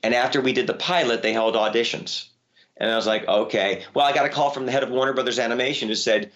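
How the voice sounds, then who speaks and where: A man who works as a voice actor, telling lively stories in an interview, his voice leaping high when excited. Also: lo-fi sound. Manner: animated storyteller, voice jumps high when excited. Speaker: voice actor guest. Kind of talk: interview conversation.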